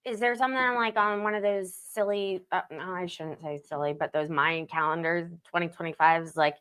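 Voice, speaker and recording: A woman's voice: on the low side, steady tone, fairly bright tone, clear, resonant tone. A woman hosting a casual talk show, chatty and a little hesitant as she works her thoughts out. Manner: chatty, hesitant, quick backchannels. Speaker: podcast host. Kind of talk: casual chat.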